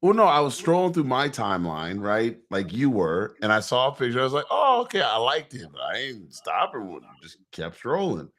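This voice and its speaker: Laughing male co-host with a lively voice. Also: medium pitch, moderate pace, hardly any pauses. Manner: laughing, defensive, easygoing. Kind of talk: casual podcast banter.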